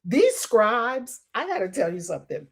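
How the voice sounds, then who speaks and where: A woman's voice: mid-range voice, very animated, normal speed, husky. A woman hosting casual commentary on scripture, laughing often and sounding incredulous. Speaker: host.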